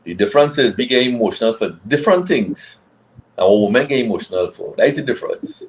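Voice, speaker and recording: A man talking on a casual men's panel, relaxed and rambling with many restarts. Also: mid-range voice, fast talker, slight background noise, rough recording.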